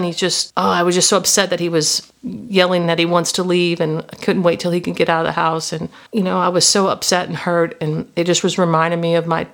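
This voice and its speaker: A woman's voice: lowish voice, flat delivery, brisk. A woman in her fifties, hosting a podcast and telling personal stories as reflective Christian teaching. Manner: storytelling, personal and confessional. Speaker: podcast host.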